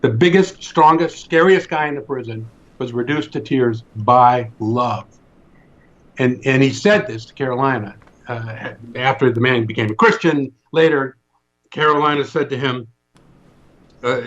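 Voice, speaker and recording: A man's voice: mid-range voice, unhurried, dull audio. A man telling a story in an earnest, emphatic way, repeating words as he builds his point. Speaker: speaker in a faith discussion.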